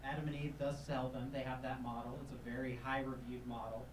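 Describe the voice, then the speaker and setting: A man from Tennessee telling rambling stories on a podcast, full of "uh"s, breaking into loud, high voices for the people he quotes. His mid-pitched voice sits back from the mic in an echoey room, with steady noise behind him. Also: brisk, far from the mic. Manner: hesitant with many fillers, jumps to loud high voices quoting people. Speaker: podcast guest. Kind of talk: casual storytelling.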